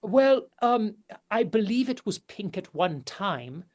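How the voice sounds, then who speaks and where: A woman's voice: mid-range voice, very animated, takes it slowly, darkish tone, voice pushed up. A woman voicing a flustered noble lady hostess who stammers through fussy, polite speech in a tabletop role-play.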